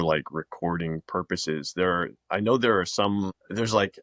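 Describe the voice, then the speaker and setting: A man co-hosting a podcast in casual chat, rambling in a relaxed way and searching for words as he goes. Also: low voice, dry recording, studio quality. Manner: relaxed, rambling, many restarts and fillers. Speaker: podcast co-host, video producer.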